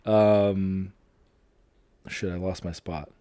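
A man's voice: low voice, steady tone, very slow, mellow. A man chatting casually about his young kids, laid back and laughing often, with casual swearing.

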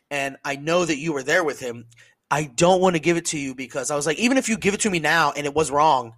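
A man with a slightly higher than usual voice co-hosts a relaxed podcast. He tells his stories with plenty of cursing and quick impressions of the people in them. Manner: profane, animated storytelling, acting out quoted people. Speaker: podcast co-host, service member. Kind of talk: casual podcast chat.

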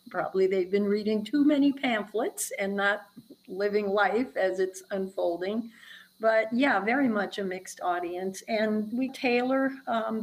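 Brief: woman dementia trainer, mid-pitched, earnest interview guest, leans on key words. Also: poor audio. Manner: earnest, explanatory, emphatic. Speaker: dementia care educator. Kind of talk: interview conversation.

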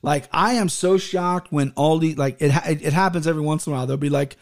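A man's voice: on the high side, quick pace. A man in his thirties hosting a podcast, telling stories in a loose, rambling and profane way, with frequent restarts. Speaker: podcast host. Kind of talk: casual rambling podcast storytelling.

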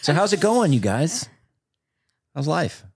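A man's voice: on the high side, sing-song, a little slow, a little mellow, husky, no echo, studio quality. A man hosting a casual podcast chat, chatty and teasing with sudden laughing outbursts. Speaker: podcast host.

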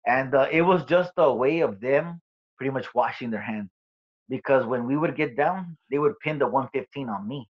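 A man tells his story in a casual interview, swearing often and stumbling through fillers and restarts. His voice sits at a middle pitch, and the recording sounds dull and lo-fi. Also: slightly rough. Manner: profane, halting, with many fillers. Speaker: guest.

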